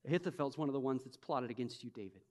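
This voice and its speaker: Racing along at medium pitch, this male preacher swings between quiet reflection and loud, urgent outbursts, voicing imagined characters as he delivers his sermon as pastor. Long hall reverb fills the recording.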